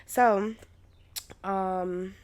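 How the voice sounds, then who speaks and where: A woman's voice: medium pitch, fairly even intonation, very slow, darkish tone. A young woman hosting her own podcast in a loose, chatty way, swearing casually, her voice still worn from being sick. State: recovering from covid, voice still sick. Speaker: podcast host. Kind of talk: casual solo podcast talk.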